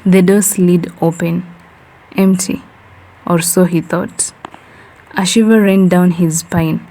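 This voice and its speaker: A woman narrating a comic horror story in an unhurried way, dropping in slang asides. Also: on the low side, fairly even intonation, dark tone, low-quality recording.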